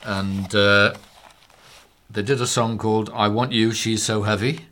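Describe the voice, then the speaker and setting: A man co-hosts a chatty podcast and drops dry, deadpan jokes into the talk. His voice sits a little on the low side, and his delivery stays relaxed and conversational. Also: unhurried, a little hiss or hum. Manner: dry, jokey. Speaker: podcast co-host. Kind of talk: casual podcast chat.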